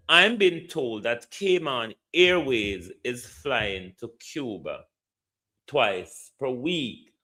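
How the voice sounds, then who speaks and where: A man's voice: medium pitch, fairly bright tone. A Jamaican man hosting a commentary show, making impassioned appeals to the government and answering listeners. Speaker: host.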